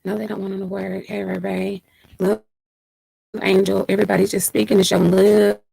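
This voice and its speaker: A woman's voice: medium pitch, little pitch movement, moderate pace, creaky, dark tone, dry recording, poor audio. A woman hosting a casual livestream, reading out viewer comments and greeting them by name. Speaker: livestream host.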